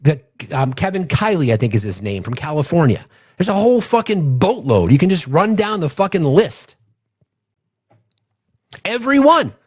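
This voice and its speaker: A man's voice: a little high, very animated, moderate pace, slightly rough. A man hosting a political livestream, urgent and profane, repeating phrases to rally his viewers. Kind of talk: impassioned live-stream monologue.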